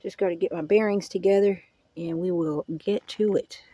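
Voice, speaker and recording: A woman's voice: on the low side, fairly even intonation, normal speed, mellow, no echo, highs cut off. A woman hosting a casual live-stream hangout, rambling in a folksy way and dropping prayerful asides. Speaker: livestream host.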